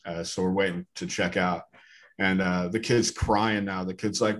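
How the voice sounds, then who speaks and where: A man doing stand-up comedy on a club stage, telling a story in a deadpan way and acting out the characters. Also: low voice, normal speed.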